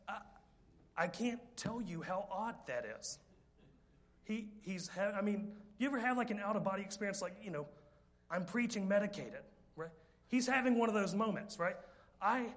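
A male preacher with a fairly high voice tells a story from the pulpit. He jokes, wanders into asides and teases the congregation before getting back on track. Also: moderate pace. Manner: lively, joking, rambling with asides. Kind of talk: sermon storytelling.

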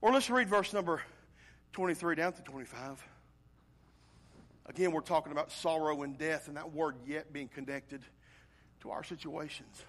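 A middle-aged man preaching a sermon, impassioned and building to near-shouting climaxes. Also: fairly high pitch, normal speed, pauses often. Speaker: pastor.

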